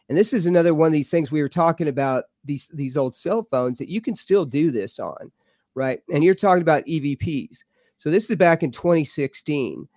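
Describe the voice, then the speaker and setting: A man, a paranormal researcher, telling his experiences as a podcast guest in an excitable, rambling way. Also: a little high, no echo, clean studio sound. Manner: excitable, rambling, repeats himself. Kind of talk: animated storytelling. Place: home studio.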